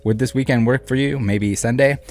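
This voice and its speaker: A man's voice: medium pitch, brisk, darkish tone, faint music behind, voice pushed up, close to an everyday voice. A man voicing a polite, cautious male buyer, reading messages in a businesslike way.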